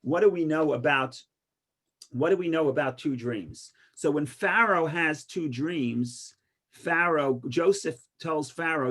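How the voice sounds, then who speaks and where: Male rabbi, informal lesson, lively storyteller, fairly high voice, stumbles and restarts, loud at punchlines. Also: measured pace. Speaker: rabbi teaching a Torah class. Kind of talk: informal Torah lesson with stories and jokes.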